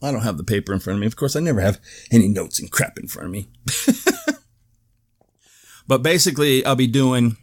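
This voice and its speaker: A man's voice: medium pitch, a little fast, long pauses. A man hosting his own show, giving a casual spoken update and telling a story with lots of swearing and laughter. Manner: animated storytelling, swears freely, laughs often. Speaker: show host. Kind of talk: casual video update monologue.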